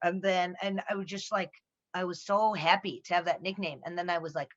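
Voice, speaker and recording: A woman's voice: lowish voice, a little fast, highs cut off. A woman from the American Midwest with an American accent, chatting casually as a podcast guest and acting out the voices of people in her stories. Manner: animated storyteller, acts out quoted voices. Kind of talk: casual chat.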